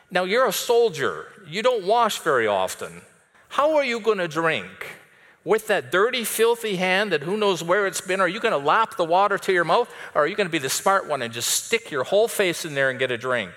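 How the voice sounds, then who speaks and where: Preacher guy telling bible stories, acts out all the parts, bright voice, long churchy echo. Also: medium pitch. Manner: animated storytelling that acts out the characters. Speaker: pastor. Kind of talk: sermon. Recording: long reverb of a church hall.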